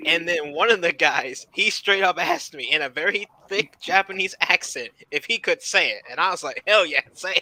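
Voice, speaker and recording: Bright-voiced rambling man telling stories. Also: a little high, expressive, moderate pace, hardly any pauses, slight background noise, poor audio. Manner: rambling storyteller, repeats words. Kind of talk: casual chat.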